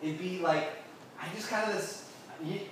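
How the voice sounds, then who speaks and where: High-voiced man preaching in an echoey room. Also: moderate pace, background noise. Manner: constantly checks in with the listeners. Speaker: youth group preacher. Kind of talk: casual interactive sermon. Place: air-conditioned room with a group. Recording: very echoey room, mic far off.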